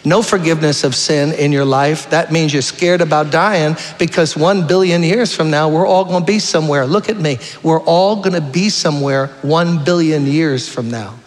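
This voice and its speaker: A man's voice: a little high, moderate pace, hardly any pauses, long reverb tail. A man preaching a fervent sermon, telling stories and appealing to the congregation. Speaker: guest preacher. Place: church sanctuary.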